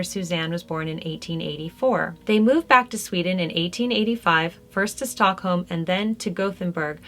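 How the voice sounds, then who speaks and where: A woman's voice: mid-range voice, fairly bright tone. A woman hosting a lifestyle video, reading art history notes aloud and breaking off for casual, chatty asides. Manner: conversational, chatty, laughs between remarks. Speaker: host.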